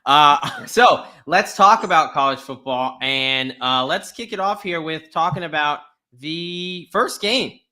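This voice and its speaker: A man co-hosting a sports betting podcast, chatting casually with a hyped-up, drawn-out delivery. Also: a little high, bright, forceful tone. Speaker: podcast co-host.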